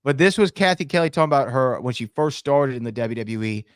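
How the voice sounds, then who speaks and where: A man's voice: mid-range voice, lively intonation, quick pace, clean tone, dry recording, clean studio sound. A man co-hosting a podcast, casually setting up clips with plenty of ums and uhs. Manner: conversational, introduces clips with fillers. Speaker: podcast co-host. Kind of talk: casual chat.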